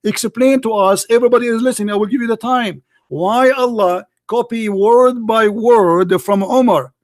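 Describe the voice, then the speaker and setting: Brief: male debate host, high voice, hoarse, aggressive and interrupting. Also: moderate pace, dry recording, studio quality. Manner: combative, interrupting, insulting caller. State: voice getting hoarse. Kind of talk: heated live call-in debate.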